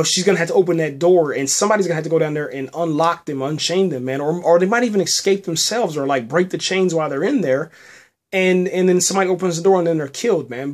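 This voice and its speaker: A man with a slightly high voice talks through a TV episode in a casual podcast recap. He stops and restarts often and keeps tagging "man" onto his lines. The delivery is loose and unscripted. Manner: halting, many restarts, says "man" often. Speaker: podcast host reviewing a TV episode. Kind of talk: casual spoken review.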